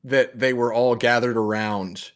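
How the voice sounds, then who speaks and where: A man's voice: medium pitch, steady tone, a little slow. A man co-hosting a podcast, animatedly recapping a film, laughing often and acting out the scenes. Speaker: podcast co-host. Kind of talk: casual movie recap chat.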